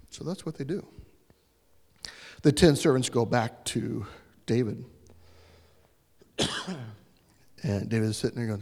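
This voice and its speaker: A man's voice: medium pitch, a little slow, pauses often, a little mellow, slightly rough. A man preaching a sermon, retelling a story in a casual, folksy way. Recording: long hall reverb.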